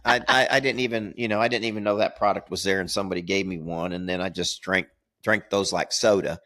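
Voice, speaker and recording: A man's voice: low-pitched, fairly even intonation, quick pace, bright, forceful tone. An older man telling a rambling story as a podcast co-host, repeating words and laughing at his own tale. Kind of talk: casual storytelling.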